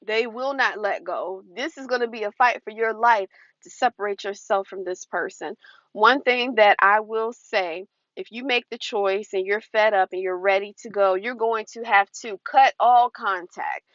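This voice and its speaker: A woman's voice: mid-range voice, moderate pace, fairly bright tone, no room sound. A woman talks earnestly to camera in a casual advice vlog, warning her viewers. Her voice sits in a middle range and is recorded dry and close, with a dull, lo-fi sound. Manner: earnest, warning, acts out quoted lines. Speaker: advice vlogger.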